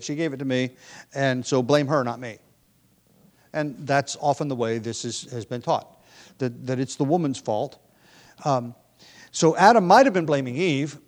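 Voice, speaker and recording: Male preacher, mid-pitched, conversational sermon delivery with acted-out quotes. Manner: conversational, thinking aloud with restarts and acted-out quotes.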